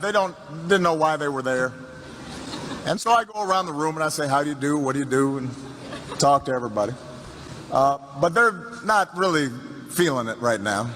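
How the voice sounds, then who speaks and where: A middle-aged man tells a story in a campaign speech, repeating phrases for emphasis and restarting sentences as he goes. His voice sits rather high for a man. It rings out with long reverb in a large hall, and noise runs underneath. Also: bright, forceful tone. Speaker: political speaker.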